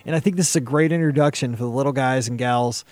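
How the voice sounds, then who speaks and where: A man's voice: mid-range voice, fast, darkish tone, dry recording. A man co-hosting a podcast in casual chat, rambling with many restarts. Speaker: podcast co-host.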